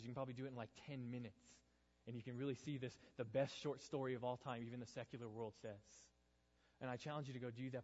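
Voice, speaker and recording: A man's voice: medium pitch, darkish tone. A man preaching a youth sermon, earnest and urging, asking his listeners question after question. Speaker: youth pastor. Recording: dull sound with long hall reverb.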